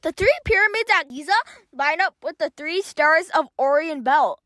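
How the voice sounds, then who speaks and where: Woman, co-host for a kids' history script; teasing, playful, very animated high voice, dry read. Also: normal speed, no echo, rough recording. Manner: playful, teasing, keeps suggesting aliens.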